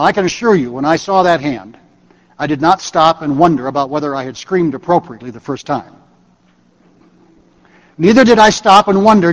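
A man preaching a sermon in a measured way, dropping softly to a low, hushed tone on key phrases. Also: long reverb tail, low-quality recording.

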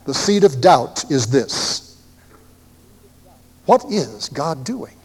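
Emphatic preacher, slow, in a reverberant hall. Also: male voice, mid-range voice, big pitch swings, slightly rough. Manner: emphatic, rhetorical questioning. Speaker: pastor. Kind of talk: sermon.

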